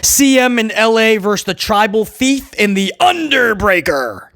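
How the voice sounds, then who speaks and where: Guy with a high voice ranting about a show, sarcastic, rambly, trips over his words. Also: very animated, fairly bright tone. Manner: sarcastic, rambling, quick bursts with stammered restarts. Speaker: wrestling review host. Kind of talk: casual video review rant.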